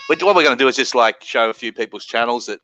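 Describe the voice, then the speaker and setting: A middle-aged Australian man chatting casually as host of a live stream, laid-back and quick to greet viewers. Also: medium pitch, animated, sharp tone, no echo, muffled recording.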